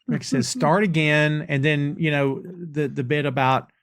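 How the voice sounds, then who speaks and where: A man's voice: a little high, fairly even intonation, normal speed, no echo, clean studio sound. A man hosting a podcast, chatting casually and recapping scenes from an episode line by line. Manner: retells dialogue line by line, conversational. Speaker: podcast host reviewing a TV episode.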